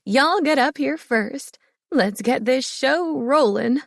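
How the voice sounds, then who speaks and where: Woman doing a high folksy female pack elder. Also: animated, takes it slowly, creaky, dry recording, studio quality, full character voice. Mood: commanding.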